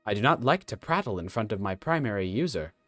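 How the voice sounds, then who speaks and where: A courteous robot servant speaks with formal deference, as a man reads its lines from a game. The voice sits a little low and sounds dry and close, with faint music behind it. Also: very animated, fast talker, a bit bright, no room sound. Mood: deferential. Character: polite servile robot servant. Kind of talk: reading game dialogue aloud.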